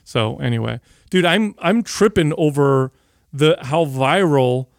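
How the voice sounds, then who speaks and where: A man's voice: on the high side, unhurried, vocal fry, dry recording, clean studio sound. A man co-hosting a fitness podcast, giving opinions in casual chat and explaining them with examples. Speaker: podcast co-host.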